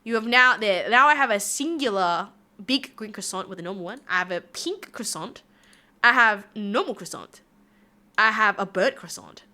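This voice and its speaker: A woman's voice: mid-range voice, lively intonation, normal speed, sharp tone. A woman from Australia with an Australian accent, chatting casually on a livestream in a bubbly, rambling, giggly way. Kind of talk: casual stream chat reading viewer comments.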